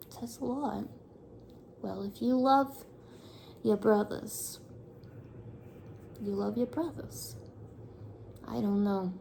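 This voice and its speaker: A hoarse woman voicing a nosy, mock-sympathetic busybody who fires off prying, sarcastic questions and drops into whispers. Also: on the high side, warm tone, a little hiss or hum, heavily acted. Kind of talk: talking to herself on camera in a persona.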